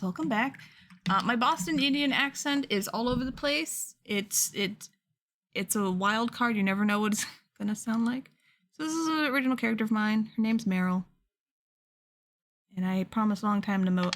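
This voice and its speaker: A woman's voice: mid-range voice, fairly bright tone. A woman chatting casually and rambling a little while she paints a small figure on a livestream. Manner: chatty, rambling, laughs easily. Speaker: art streamer.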